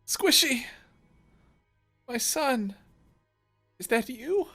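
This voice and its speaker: A woman voicing a grief-stricken pirate's mother who pleads in a high, tearful voice. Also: animated, extremely slow, fairly bright tone, breathy edge, soft background music, exaggerated voice. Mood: tearful pleading.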